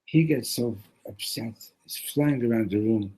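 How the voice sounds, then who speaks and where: A Torah teacher with a mid-range, warm voice and a slightly breathy edge tells a parable at a measured pace to teach a religious lesson. His delivery is loose and conversational, with restarts and Hebrew terms, and the recording quality is low.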